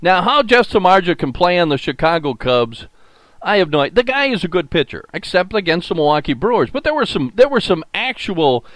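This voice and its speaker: A man's voice: sits high, big pitch swings, brisk, fairly bright tone, no room sound. An older man hosting a solo sports talk show, folksy and rambling with lots of fillers. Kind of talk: solo sports radio podcast monologue.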